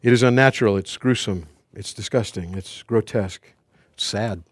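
Guy teaching bible class, animated and emphatic, quizzes the group, dry close sound. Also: fairly low pitch, moderate pace, no echo. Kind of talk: conversational Bible study teaching.

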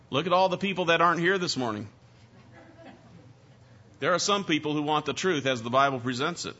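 A man's voice: a little high, moderate pace, bright, forceful tone. A man preaching a sermon as pastor, emphatic and full of rhetorical questions. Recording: dull lo-fi church recording.

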